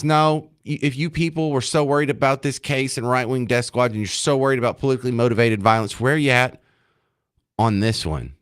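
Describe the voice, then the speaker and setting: A man's voice: mid-range voice, a little fast, clear, resonant tone. A man hosting a talk radio show, delivering a sarcastic, combative opinion monologue from a studio.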